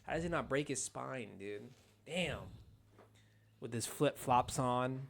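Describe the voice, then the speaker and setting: A man's voice: mid-range voice, a little slow, vocal fry. Rowdy, profane young male podcast host. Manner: rowdy, profane, rambling with repeated restarts. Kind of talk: casual chat.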